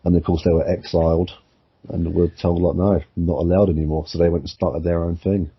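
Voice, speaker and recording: A man's voice: low voice, flat delivery, fairly quick, slightly rough, no room sound. A man co-hosting a podcast in casual chat, rambling, swearing and acting out quoted voices. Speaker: podcast co-host. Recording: dull lo-fi sound, dry.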